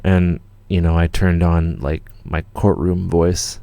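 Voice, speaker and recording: A young Canadian man with a low, gravelly voice, casually chatting on a livestream from his home studio. He rambles through stories with plenty of fillers and the odd curse. The sound is dry and close, with no room echo. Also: flat delivery, unhurried, mellow. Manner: rambling, laid-back storytelling with many fillers and swearing. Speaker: music producer hosting a live Q&A stream.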